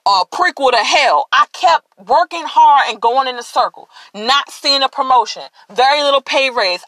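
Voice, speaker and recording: A woman's voice: sits high, expressive, normal speed, few pauses, sharp tone, no room sound. A woman hosting a podcast, giving an emphatic, preachy motivational faith talk and addressing listeners directly. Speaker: podcast host.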